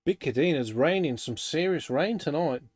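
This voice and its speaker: A man's voice: fairly high pitch, animated, normal speed, dry recording. Upbeat guy co-hosting a stream, chatty, dry close sound. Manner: upbeat, plugs the community channel. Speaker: co-host. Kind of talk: live stream chat.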